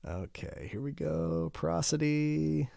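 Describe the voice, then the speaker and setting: A man's voice: fairly high pitch, expressive, takes it slowly, gravelly, dark tone, no echo. Guy hosting a live stream, kinda drained, chatty, dry close sound. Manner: chatty, greets viewers by name. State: tired, low energy. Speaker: host. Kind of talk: casual livestream chat.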